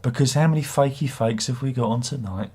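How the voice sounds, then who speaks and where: A man's voice: medium pitch, a little fast, darkish tone, breathy edge. A middle-aged man hosts a livestream, chatting casually and reading viewer comments in a sarcastic, rambling way. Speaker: livestream host.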